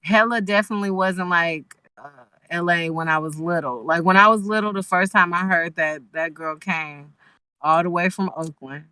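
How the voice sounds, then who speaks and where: A woman's voice: lowish voice, normal speed, sharp tone, smooth, no room sound, low-quality recording. A woman from Los Angeles, a guest musician, talking casually and thoughtfully with lots of restarts over a video call. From Los Angeles, USA. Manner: talkative, thoughtful, many restarts. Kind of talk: casual chat.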